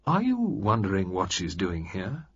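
A male narrator voicing a shrewd, self-assured older government minister who speaks in a dry, measured, decisive way. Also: sits low, huge pitch swings, slight background noise, exaggerated voice. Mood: dry amused. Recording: slightly muffled dry recording.

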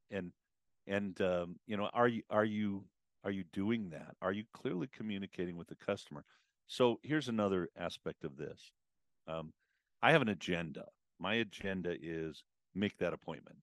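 A man talking as a guest on a podcast about customer communication, casual and animated, acting out customer conversations. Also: sits low, moderate pace, no echo, studio quality. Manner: animated, acts out customer and advisor exchanges. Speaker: automotive business consultant guest.

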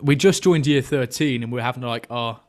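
A man's voice: mid-range voice, a little fast. A young British man hosting a casual podcast chat, telling stories and teasing his guest with lots of laughter. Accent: British English. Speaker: podcast host.

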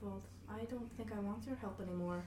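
A woman's voice: mid-range voice, a little fast, echoey room, crowd noise, lightly acted. A woman voicing a cheerful young female elf, the daughter of a watchmaker, in a sweet and earnest voice in a tabletop game. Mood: hesitant.

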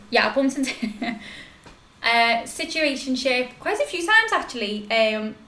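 A young woman with a high, bright voice tells a story in loose casual chat, full of fillers and restarts. She is recorded in an echoey room. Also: lively intonation, slow pace. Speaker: podcast host.

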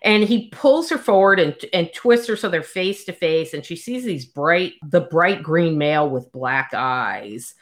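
A woman with a slightly low voice chats casually, recapping a story with animated energy. She slips into the characters' lines as she goes and swears now and then. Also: a little slow, hardly any pauses. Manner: animated retelling, acts out quotes, swears casually. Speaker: podcast co-host. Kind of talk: casual book recap chat.

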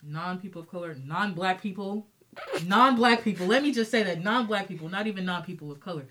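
A young woman co-hosting a podcast in casual chat, sassy, with quick interjections. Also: medium pitch, background noise. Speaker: podcast co-host.

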